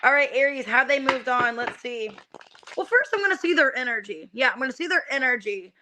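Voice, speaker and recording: A young woman chats her way through a live tarot reading, loose and unscripted, full of ums and little asides to viewers. Her voice sits a touch high and rings bright and forward. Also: expressive, brisk, slight background noise. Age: young adult. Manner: chatty, many fillers, greets viewers by name. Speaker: tarot reader streaming live. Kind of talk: casual live-stream chat.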